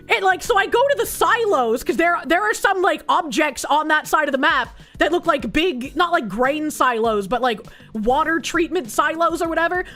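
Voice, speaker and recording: A woman's voice: very high voice, lively intonation, fairly quick, few pauses, a bit bright, faint music behind. A woman streamer chatting casually with her viewers, swearing freely and often breaking into squealing laughter. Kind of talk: casual chat reading viewer comments.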